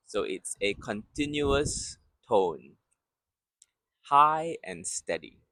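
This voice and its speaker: A man teaching pronunciation patiently, speaking slowly and drilling repeated syllables. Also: mid-range voice, big pitch swings, fairly bright tone, dry recording. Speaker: Mandarin teacher. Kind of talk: slow pronunciation lesson.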